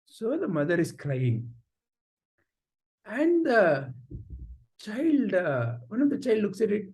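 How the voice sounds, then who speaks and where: A man teaching an online class, telling a story in a lively, conversational way over a video call. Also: high voice, takes it slowly.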